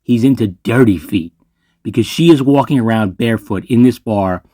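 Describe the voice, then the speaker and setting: A man's voice: mid-range voice, normal speed, mellow, dry recording. A man ranks movies in a sarcastic, ranting commentary, swearing freely as he goes. His voice sits in the middle range and sounds dry and close. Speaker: movie reviewer host. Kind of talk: ranking list commentary.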